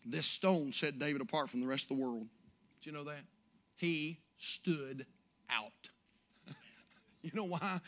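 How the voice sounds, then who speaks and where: A pastor preaches in a church with a bright, forceful voice that sits a little high for a man. He swings from hushed, intimate passages up to loud, shouted peaks. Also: unhurried, long pauses. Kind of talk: sermon. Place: church sanctuary.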